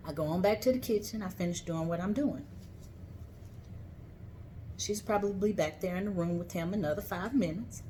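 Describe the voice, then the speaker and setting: A woman, telling a personal story on her podcast in an animated, emphatic way. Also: fairly low pitch, slight background noise. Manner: animated, emphatic retelling with acted-out quotes. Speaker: podcast host.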